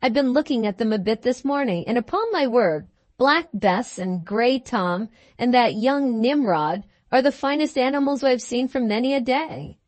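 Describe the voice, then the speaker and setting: A woman's voice: on the high side, expressive, moderate pace, few pauses, dry recording, lightly acted. A woman voicing a bluff, hearty young husband in a storybook, jovial and teasing. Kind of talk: storybook dialogue.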